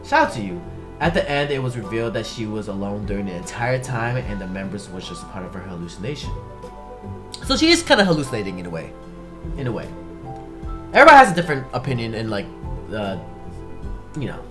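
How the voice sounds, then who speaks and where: A man reacting to a music video, with excited outbursts and halting reading of a fan theory aloud. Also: fairly low pitch. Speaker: YouTube reactor. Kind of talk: casual reaction commentary. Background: music video playing clearly.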